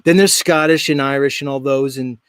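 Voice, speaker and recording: A man's voice: mid-range voice, fairly even intonation, brisk, fairly bright tone, clear, resonant tone, no echo, studio quality. A man hosting a live stream show, talking in a brash, joking, rambling way. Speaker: host. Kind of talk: casual live stream chat.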